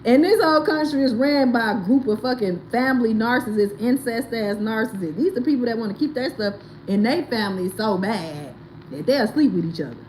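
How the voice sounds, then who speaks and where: Blunt, animated woman host with faint hiss. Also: on the high side, brisk, poor audio. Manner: blunt, animated, swearing and laughing. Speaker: livestream host. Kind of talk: casual commentary chat.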